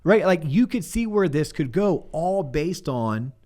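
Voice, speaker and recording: A man's voice: a little high, sing-song, a little slow, dark tone. A middle-aged man hosting a podcast, chatting casually and acting out sample phone calls as he coaches small talk. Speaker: podcast host, mortgage coach. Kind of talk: casual chat.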